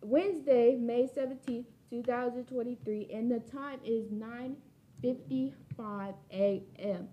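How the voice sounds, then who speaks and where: A woman's voice: fairly high pitch, a little slow, mellow. A teenage girl co-hosting a school podcast, giving the date and announcements in an offhand way. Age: teens. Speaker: student podcast co-host. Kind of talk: casual chat, reading announcements.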